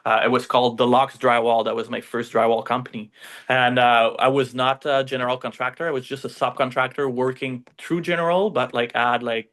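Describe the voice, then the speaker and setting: Man, French accent, bright sharp voice, podcast guest, rambling casual talk, lots of fillers. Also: mid-range voice, steady tone, brisk. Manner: rambling, many fillers and tag questions. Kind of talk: casual interview storytelling.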